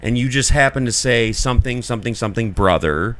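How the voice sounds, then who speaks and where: A man's voice: medium pitch, animated, a little fast, a bit bright, no echo. A man co-hosting a podcast in casual chat, talking in long earnest rambles full of filler likes. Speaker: podcast co-host.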